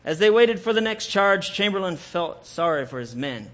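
A man's voice: sits high, sing-song, moderate pace, a bit bright. A man telling a historical war story aloud in an earnest, dramatic way, sometimes correcting himself. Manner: earnest, with occasional self-corrections.

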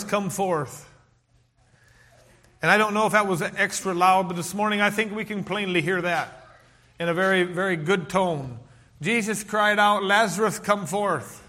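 Earnest man preaching with a bright voice. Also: high voice, fairly even intonation. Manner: earnest, slow emphatic delivery with King James scripture reading. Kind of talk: sermon.

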